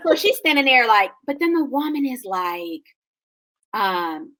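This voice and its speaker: Woman, 30s, podcast co-host, high-pitched, bright, animated, sassy storyteller. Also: normal speed. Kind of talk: casual chat, storytelling.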